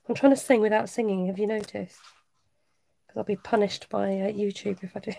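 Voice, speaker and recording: A woman's voice: medium pitch, steady tone, fairly quick, creaky. An English woman with a slight West Country twang, chatting and laughing with viewers while she works on a live craft stream. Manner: warm chatty, laughs often, talks while working. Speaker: craft livestream host.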